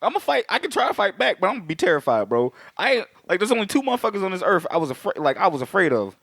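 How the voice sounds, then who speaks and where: A man's voice: high voice, big pitch swings, rapid-fire, creaky, a bit bright, no echo, clean studio sound. A man co-hosting a movie podcast, swearing, joking and laughing often in casual banter. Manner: profane, joking, laughs a lot. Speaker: podcast co-host. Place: lives in Austin.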